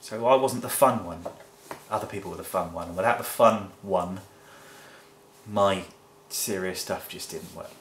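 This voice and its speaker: A man's voice: low voice, moderate pace, pauses often, a bit bright, slight background noise. Blunt, sweary British-born vlogger man. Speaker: vlogger answering viewer questions. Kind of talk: casual Q&A vlog. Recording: echoey room.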